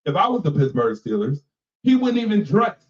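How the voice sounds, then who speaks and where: A man's voice: fairly high pitch, sing-song, brisk. A man hosting a radio show, ranting casually and emphatically about football, repeating lines for effect. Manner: laughs between remarks. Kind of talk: casual sports rant. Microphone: personal microphone. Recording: echoey, distant, dull mic sound.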